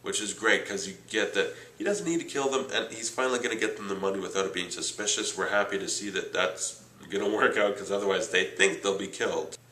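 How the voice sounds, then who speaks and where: A man reviewing a TV series in casual chat, retelling the plot excitedly and saying "like" a lot. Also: fairly low pitch, brisk, hardly any pauses, reverberant, a little hiss or hum, rough recording. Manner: chatty, excitable recapping with lots of "like". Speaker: TV show reviewer.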